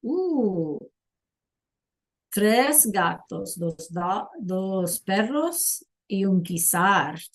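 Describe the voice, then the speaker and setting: A woman teaching a live online language class, slowly sounding out words for students to repeat and encouraging them by name. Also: mid-range voice, lively intonation. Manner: slow careful enunciation of words for students to repeat. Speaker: Spanish teacher.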